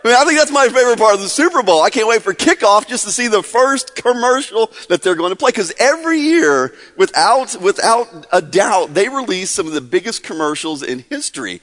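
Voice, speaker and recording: A man's voice: sits high, lively intonation, a little fast, few pauses, a bit bright. A man in his forties, a pastor, opening a sermon in an upbeat, chatty way and quizzing the congregation. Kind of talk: casual sermon opener. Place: church hall. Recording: long church reverb.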